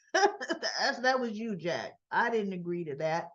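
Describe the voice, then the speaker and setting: Woman, soap recap host, slow casual delivery, muffled lo-fi sound. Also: mid-range voice, animated. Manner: acts out characters' lines in quotes, chatty asides. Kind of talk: casual retelling of episode scenes.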